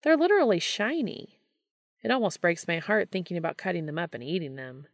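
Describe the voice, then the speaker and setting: A woman's voice: lowish voice, animated, brisk, no echo, clean studio sound. A woman voicing a brash, joking male game show host in a fan story reading. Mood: teasing showman. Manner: teasing, showy.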